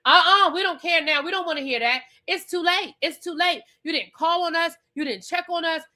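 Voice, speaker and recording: Woman mimicking a shrill scolding woman. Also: brisk. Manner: high, loud, repetitive lecturing. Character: dismissive scolding woman refusing an apology.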